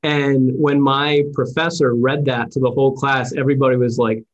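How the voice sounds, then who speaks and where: A man hosting an interview, telling anecdotes in a chatty, animated way. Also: mid-range voice, moderate pace, lo-fi sound. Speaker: podcast host and former sports reporter. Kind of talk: casual interview chat with storytelling.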